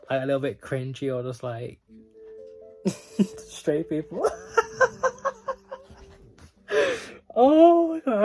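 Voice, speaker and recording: Man, book vlogger, giggly and rambling, low-key casual delivery. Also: a little mellow. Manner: giggly, laughs often, many "like" fillers. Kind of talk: casual reading update.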